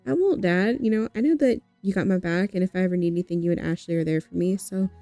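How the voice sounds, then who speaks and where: A woman's voice: fairly low pitch, fast, warm tone, no room sound, soft background music, lightly acted. A woman playing a laid-back teen girl turning eighteen. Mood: casual.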